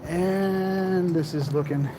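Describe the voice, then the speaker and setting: Speaking slowly in a high-pitched, fairly even voice, a man streams live from night-time city streets through his handheld phone. Street noise runs underneath as he chats easily and reads viewer comments aloud.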